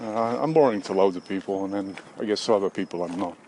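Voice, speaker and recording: A man's voice: sits low, quick pace, a little hiss or hum. Rambling, foul-mouthed man vlogging outdoors. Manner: crude, self-mocking rambling with sudden silly shouted voices. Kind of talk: rambling solo vlog.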